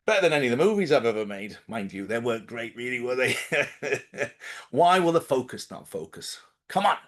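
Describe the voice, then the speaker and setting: A man's voice: sing-song, fast talker. Defiant man rambling live to camera. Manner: defiant, rambling, with sudden emphatic jumps in pitch. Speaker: live stream host. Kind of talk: casual live monologue to camera. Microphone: camera mic.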